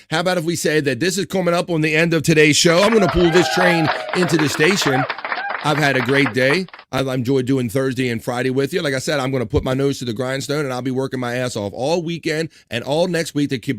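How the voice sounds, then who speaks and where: A man's voice: mid-range voice, no echo. Male livestream host, casual and rambling, dry mic. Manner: loose, chatty, rambling.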